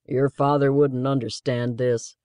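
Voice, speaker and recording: A man reads as a stern male general, formal and guarded. The voice sits near the reader's own pitch, lightly lowered. Dry, close audiobook sound. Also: little pitch movement, unhurried, warm tone, smooth, no echo, lightly acted. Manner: professional, clipped.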